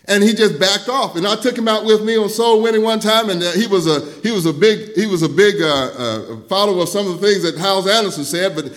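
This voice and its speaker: High-voiced older pastor telling stories. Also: male voice, fairly quick, hardly any pauses. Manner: storytelling, drops soft and low for quoted talk, rises loud when preaching. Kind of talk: sermon with personal stories.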